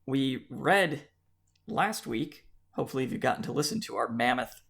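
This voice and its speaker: A man's voice: medium pitch, lively intonation, moderate pace, creaky, fairly bright tone, breathy edge. A man hosting a book podcast in casual, joking chat. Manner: joking, easygoing. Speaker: podcast host.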